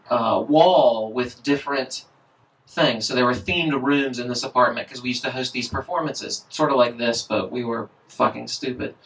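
A man's voice: medium pitch, bright, forceful tone. A man telling a story from memory at a live reading, in a casual, rambling, profane way with lots of fillers. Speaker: author performing at a reading. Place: indoor live reading event. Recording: voice picked up from far off.

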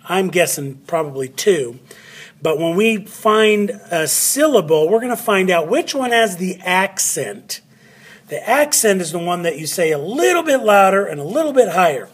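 A man's voice: sits high, breathy edge. A man teaching a phonics lesson at a board, repeating words and spelling them out letter by letter. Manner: slow, drawn-out words, spelling letters aloud; repeats words to stress syllables.

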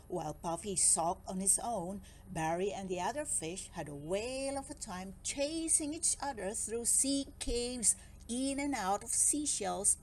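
A woman reading a children's picture book aloud in an expressive, sing-song storytelling manner. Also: medium pitch, a little hiss or hum.

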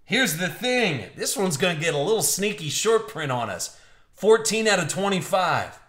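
A man's voice: sits high, very animated, moderate pace, a bit bright, roomy sound. A man hosting a live-streamed trading card box break, chatty and upbeat, joking with viewers as he opens packs. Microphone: streaming mic.

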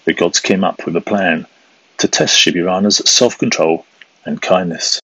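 A man reading a traditional fable aloud for a school assembly, in a measured, expressive way. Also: low voice, breathy edge, no room sound, lo-fi sound. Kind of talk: storybook reading.

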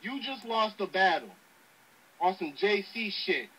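Brash high-voiced man rapping trash talk. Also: expressive, a little slow, fairly bright tone, a little hiss or hum, low-quality recording. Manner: brash trash-talking, rhythmic rhyming delivery. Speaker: battle rapper. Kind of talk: freestyle rap battle over voice chat. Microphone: webcam chat mic.

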